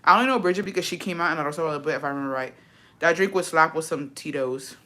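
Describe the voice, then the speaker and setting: Bright-voiced woman vlogger. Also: deep voice, rapid-fire. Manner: profane, dramatic, switches into Spanish phrases. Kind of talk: casual chat to camera.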